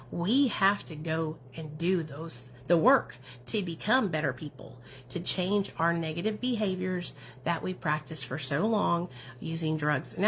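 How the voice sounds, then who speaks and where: A woman with a fairly low voice chats on a livestream about recovery, answering her viewers' comments one by one. She sounds affirming and encouraging and often ends her points with little tag questions. A faint hum sits under her voice. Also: a bit bright. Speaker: addiction recovery advocate and streamer.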